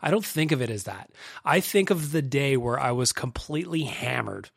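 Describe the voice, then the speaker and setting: A man's voice: medium pitch, expressive, moderate pace, gravelly, breathy edge, no echo, clean studio sound. A man hosting a podcast, chatting in a candid, confessional way with plenty of swearing. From Canada. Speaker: podcast host. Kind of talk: casual podcast chat.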